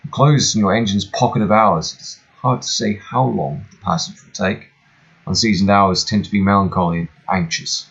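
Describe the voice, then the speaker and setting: Low-voiced man reading game text aloud. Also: moderate pace, fairly bright tone. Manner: reads with mock-dramatic flourishes, dry joking asides. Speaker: gameplay narrator. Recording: faint music behind, slightly tinny room.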